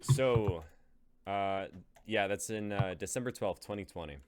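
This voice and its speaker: A man's voice: lowish voice, a little slow, a little mellow, slight background noise. A man hosting a live stream and assigning roles for a script reading, in upbeat, casual chat. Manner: upbeat, directing the group. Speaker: stream host. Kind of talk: casual stream chat and casting a table read.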